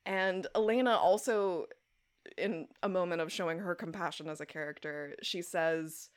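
Her voice is fairly low, clear and resonant as she co-hosts a podcast at normal speed, casually recapping a TV episode. She swears without holding back and animatedly acts out the characters' lines.

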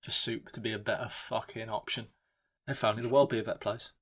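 A man's voice: lowish voice, fairly even intonation, fast talker, fairly bright tone, husky. A man co-hosting a casual film review podcast, rambling and swearing as he jokes. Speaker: podcast co-host.

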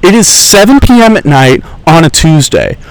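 A man's voice: fairly high pitch, big pitch swings, moderate pace, no room sound, low-quality recording. A young man chats casually as a podcast host, telling rambling stories. His talk is profane and sarcastic, with a wandering, offhand flow. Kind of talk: casual storytelling chat. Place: outdoors in a park.

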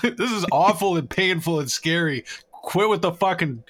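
A man's voice: sits high, animated, moderate pace, fairly bright tone. A man co-hosting a casual podcast, telling stories with profanity, quips and self-mocking humor. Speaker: podcast co-host. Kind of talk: casual chat.

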